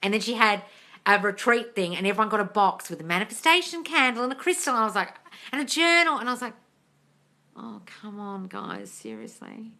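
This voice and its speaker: This woman talks fast, her voice a little high with a bright, forceful edge. On her live stream she chats casually, reading out viewers' comments, replying bluntly, cursing freely and addressing people as darling.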